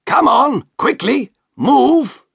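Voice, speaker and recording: A man's voice: sits high, wildly swooping pitch, slow pace, gravelly, husky, dry recording, voice pushed up, exaggerated voice. A man reading an audiobook, voicing an obsequious male shopkeeper who keeps calling his customer sir. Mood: harsh, ordering. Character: fawning, pushy male showman shopkeeper. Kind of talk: audiobook character voice.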